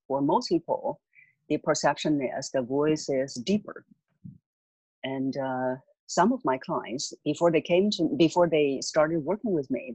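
A voice coach calmly and patiently explaining voice techniques as an interview guest. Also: mid-range voice, breathy edge, no room sound, poor audio. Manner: calm, patient, instructive.

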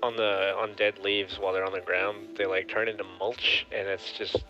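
A man with a low voice makes dry, offhand remarks in a casual podcast chat. His sound is dull and lo-fi, with faint music in the background. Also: flat delivery, normal speed, sharp tone. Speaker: podcast co-host.

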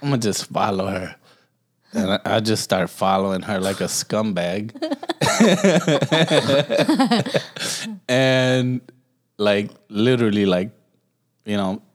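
A man's voice: lowish voice, expressive, slow, long pauses. A man co-hosting a podcast, telling a story in casual chat, laid-back and swearing freely, often laughing at himself. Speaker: podcast co-host.

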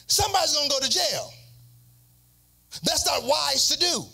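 A man's voice: very high voice, expressive, moderate pace, creaky, pushed and bright. A man preaching a sermon as pastor, in a sing-song cadence with repeated phrases.

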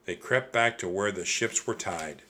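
A man reading a storybook aloud at an unhurried, deliberate pace. His voice is rather low, yet it has a clear, bright edge. The narration stays even and measured from line to line. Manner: slow and measured. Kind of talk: audiobook narration.

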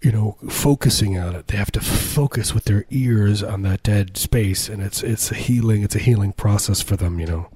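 A man co-hosting a comedy podcast, riffing on absurd jokes in an offhand, deadpan way. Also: lowish voice, normal speed, hardly any pauses, a little hiss or hum. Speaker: podcast co-host. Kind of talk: casual comedic banter.

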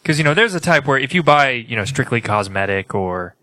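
Bright-voiced man explaining with restarts. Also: mid-range voice, expressive, fairly quick, dry recording. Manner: explains at length with many restarts. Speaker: podcast co-host. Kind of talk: casual podcast chat.

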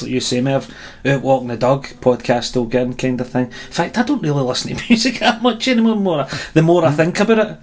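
A Scottish man co-hosting a casual podcast chat, telling stories with lively energy and laughing easily. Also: medium pitch. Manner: animated storyteller, quick to laugh. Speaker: podcast co-host.

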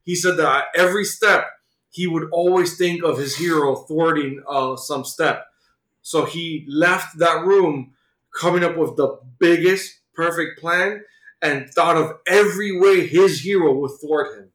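Podcast co-host, male, higher-pitched, rambling casual retelling, roomy echo. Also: a little slow, a bit bright. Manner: rambling, many fillers like "like" and "uh". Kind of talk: casual chat retelling a comic plot.

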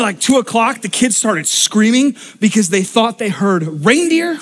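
A young adult man, a pastor, telling a comic story in a sermon with animated, self-deprecating delivery and frequent laughter. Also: high-pitched.

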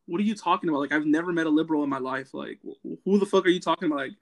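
A man's voice: a little high, racing. A man from California, a former Marine, ranting bluntly in casual chat with heavy profanity.

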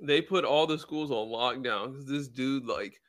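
A man's voice: medium pitch, measured pace, fairly bright tone. A young man co-hosting a casual podcast, telling rambling stories full of fillers. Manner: rambling, filler-heavy storytelling. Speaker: podcast co-host.

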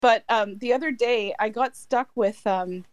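A woman's voice: a little high, measured pace, dry recording, lo-fi sound. A middle-aged woman chatting casually as a podcast co-host, laughing often and trailing off into restarts. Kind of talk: casual chat.

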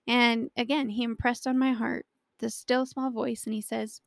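A woman's voice: on the high side, steady tone, normal speed, creaky, no room sound. A young woman giving a personal faith talk, telling a story animatedly and acting out the quotes. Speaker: Christian speaker.

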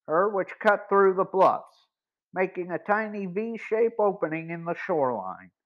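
A man narrating a boys' mystery audiobook in a measured, deliberate reading. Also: sits high. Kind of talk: scripted story narration. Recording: dull lo-fi recording.

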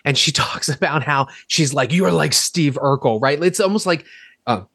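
A man's voice: on the high side, normal speed, gravelly, a bit bright, no echo, clean studio sound. A man co-hosting a podcast, retelling movie scenes in a rambling, exasperated way. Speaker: podcast co-host. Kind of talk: casual movie review chat.

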